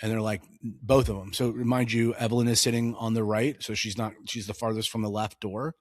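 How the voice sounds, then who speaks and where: A man in his thirties co-hosts a casual political podcast, telling stories with plenty of energy and acting out the dialogue. His fairly low voice runs a little fast, recorded with studio quality and no room sound.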